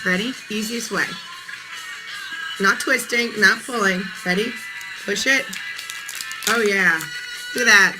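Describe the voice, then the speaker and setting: A woman's voice: mid-range voice, slow, long pauses, over music, poor audio. A woman in her thirties hosting a casual morning live stream, chatting playfully with viewers while her voice sounds tired.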